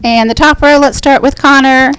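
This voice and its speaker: A woman's voice: sits high, steady tone, normal speed, a bit bright, slight background noise. A woman teacher calling on students in turn during a class discussion, giving brief praise and instructions. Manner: friendly, directs turns, gives brief praise. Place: school room with students.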